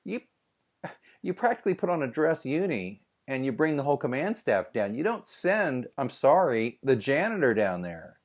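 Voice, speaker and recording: A middle-aged man co-hosting a podcast, riffing with jokey, animated asides. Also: mid-range voice, normal speed. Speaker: podcast co-host. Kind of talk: casual chat.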